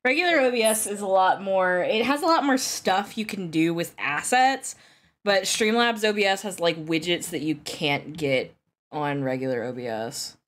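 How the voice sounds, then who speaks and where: Low-voiced chatty woman streamer. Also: lively intonation, normal speed. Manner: chatty, jokey, laughs often, explains things at length. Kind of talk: casual chat while playing a game live.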